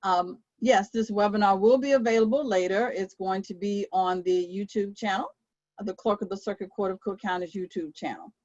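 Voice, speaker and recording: A woman clerk hosts a question-and-answer webinar, reading each question and then talking it through with plenty of pauses and fillers. Her voice sits at a middle pitch. It comes through dull and dry, like audio from a video call. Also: fairly even intonation, darkish tone, no echo. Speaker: court clerk moderating a webinar. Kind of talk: moderating a Q&A webinar.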